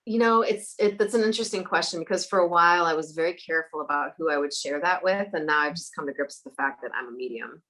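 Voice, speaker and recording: A psychic medium appearing as a guest talks fast with few pauses in a voice that sits low. She tells her stories animatedly in a casual interview, laughing often and voicing the people in them, all on a rough recording.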